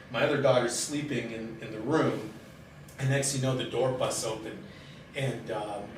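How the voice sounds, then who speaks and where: A middle-aged man telling his own life story in a halting, candid way, with many pauses and fillers. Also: mid-range voice. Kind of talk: personal storytelling in conversation. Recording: very echoey room, distant mic, steady background noise.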